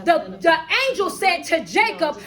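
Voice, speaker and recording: A woman motivational speaker preaches to a live audience in a very high voice. She works call-and-response, rattling off imagined excuses before landing each point. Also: very animated, crowd noise. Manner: call-and-response delivery, acts out excuses in quick bursts. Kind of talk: preaching-style motivational talk. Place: live event room with audience.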